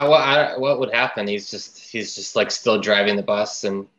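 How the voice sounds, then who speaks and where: A man's voice: on the low side, normal speed, a bit bright, dull audio. A man, a film director, rambling hesitantly as a podcast guest. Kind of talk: casual interview chat.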